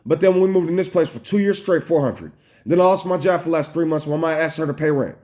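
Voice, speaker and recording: An American man speaks straight to camera in a raw personal vlog, upset and rambling, his voice sitting a bit higher than most men's. He swears freely and circles back on his thoughts as he vents. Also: fast talker, dark tone. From United States. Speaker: vlogger. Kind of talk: emotional personal vlog rant.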